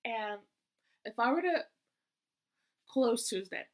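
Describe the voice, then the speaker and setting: A woman's voice: fairly high pitch, lively intonation, takes it slowly. A young woman and student telling a storytime vlog in a chatty, exasperated way, with sassy asides. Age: young adult. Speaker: vlogger. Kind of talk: casual storytime.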